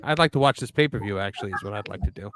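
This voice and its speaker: Smooth-voiced man hosting a stream. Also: on the low side, rapid-fire, a bit bright, no room sound. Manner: reads viewer chat messages aloud, jokey. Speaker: host of a wrestling watch-party stream. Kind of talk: casual live-stream chat.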